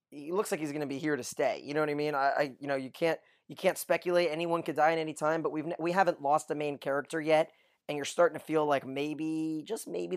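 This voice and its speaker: A man co-hosting a podcast, giving a casual, lively recap of a TV episode and chuckling often. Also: fairly high pitch, dry recording, studio quality. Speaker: podcast co-host.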